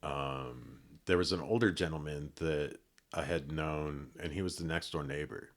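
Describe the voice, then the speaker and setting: A middle-aged man from Colorado, with an extremely deep and low voice, appears as a podcast guest telling his story casually. He rambles with fillers and restarts, keeping a steady, unhurried tone.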